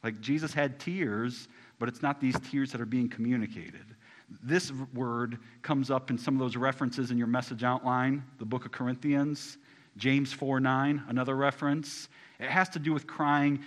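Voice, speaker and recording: A man preaching a sermon in casual everyday phrasing, talking straight to the congregation and swinging from hushed, low lines to loud, rising ones. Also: normal speed. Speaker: pastor.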